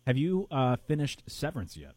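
Casual male co-host, lively and animated delivery, rambling, dry close recording. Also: medium pitch, normal speed, dry recording. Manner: rambling, searching for names with fillers. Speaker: podcast co-host. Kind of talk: casual chat.

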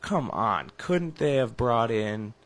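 A man's voice: mid-range voice, very animated, takes it slowly. A man co-hosting a sports radio show, talking in a chatty, rambling, teasing way and often interrupting. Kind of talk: casual sports radio banter.

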